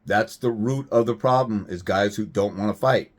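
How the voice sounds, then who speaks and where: A man's voice: fairly low pitch, moderate pace. A man giving a blunt, profane, combative rant to camera as a fathers' rights advocate, firing off rhetorical questions.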